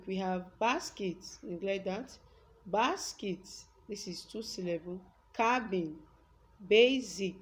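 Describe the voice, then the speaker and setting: A young woman with a Nigerian English accent teaching a class. She repeats example words aloud and stretches words slowly to stress a point. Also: mid-range voice, a little mellow. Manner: slow, drawn-out words when stressing a point. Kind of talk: classroom lesson with a whiteboard.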